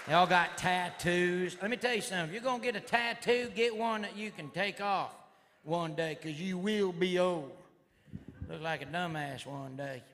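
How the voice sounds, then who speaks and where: A middle-aged man with a Southern US accent doing a stand-up comedy routine on stage, rambling in a rowdy redneck drawl and shouting his punchlines. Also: high voice, moderate pace. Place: comedy club stage before a live audience. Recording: live hall recording with crowd noise. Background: audience laughter and crowd noise.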